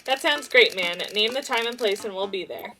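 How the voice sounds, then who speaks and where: A woman voicing a cheerful, competitive middle-aged dad who hams up pirate talk, with soft game music behind. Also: on the high side, animated, normal speed, rough recording. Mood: upbeat. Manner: playful, mock-serious pirate talk.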